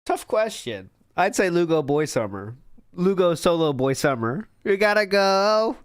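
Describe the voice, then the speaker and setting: A man's voice: high-pitched, very animated, a little slow, clear, resonant tone, no echo, studio quality. A man co-hosting a casual livestream, teasing the host with sarcastic banter and reading chat messages. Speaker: stream co-host.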